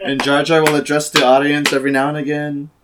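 A man's voice: fairly high pitch, monotone, fast talker, background noise. A young man in a casual podcast chat, playful and joking. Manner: playful, does silly voices.

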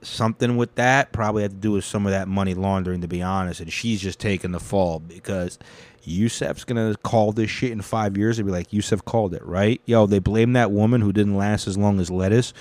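A man's voice: on the low side, steady tone, a little fast, a little mellow, no echo. A young man hosting a casual news commentary, rambling and swearing freely. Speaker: show host.

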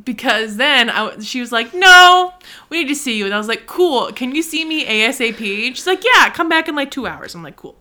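A young woman co-hosting a casual podcast, her voice high and swinging widely as she tells a story. She acts out other people's lines and laughs often. Her tone is bright and forward. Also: expressive, fast, few pauses. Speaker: podcast co-host. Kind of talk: casual chat.

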